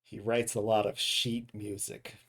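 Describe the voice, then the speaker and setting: In a lowish, fairly bright voice with flat delivery, a man chats unhurriedly during a game stream. He reads dad jokes aloud, frequently corrects himself, and chuckles at his own jokes in this casual live-stream talk.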